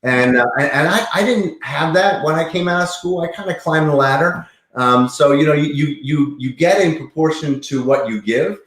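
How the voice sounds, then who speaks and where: A man's voice: on the high side, normal speed, fairly bright tone, roomy sound. A man in his fifties, a chiropractor, talking earnestly and enthusiastically as an interview guest, often restarting his sentences. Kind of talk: casual interview talk.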